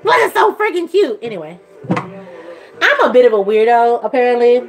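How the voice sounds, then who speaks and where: A woman's voice: normal speed, faint music behind. A woman, chatting casually to camera as a vlogger and mother, rambling and gushing. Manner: rambling and gushing, swings into high excited voices.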